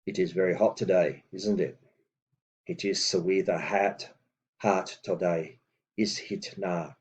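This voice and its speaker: A man teaching a lesson, reading out phrases slowly and deliberately, with hesitant fillers between explanations. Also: deep voice, fairly even intonation, breathy edge, muffled recording. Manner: slow and deliberate on old words, with hesitant fillers. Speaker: language teacher. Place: room with books on a table.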